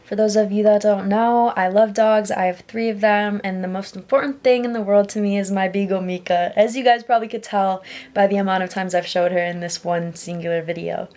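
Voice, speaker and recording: A tired young woman chatting casually in a vlog, emotional and quick to laugh. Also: medium pitch, steady tone, a little mellow. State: tired from no sleep. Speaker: vlogger.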